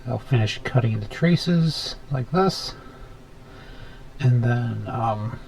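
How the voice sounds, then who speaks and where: A man hosting a casual workbench vlog in his home workshop, thinking aloud as he works and dropping into soft muttered asides. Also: medium pitch, animated, takes it slowly, gravelly, poor audio. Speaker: electronics hobbyist host.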